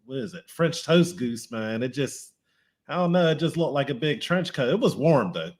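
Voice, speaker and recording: A man's voice: a little high, very animated, normal speed. A man from the Pittsburgh area co-hosting a show, chatting casually and joking about himself over a video call. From Pittsburgh area, United States. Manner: joking, self-mocking, laid-back. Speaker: co-host.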